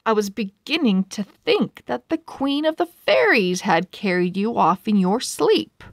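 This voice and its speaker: A woman's voice: mid-range voice, measured pace, fairly bright tone, no echo, studio quality, close to an everyday voice. A woman voicing a brash, mocking young male swordsman in a storybook read-aloud, with a sarcastic, teasing delivery.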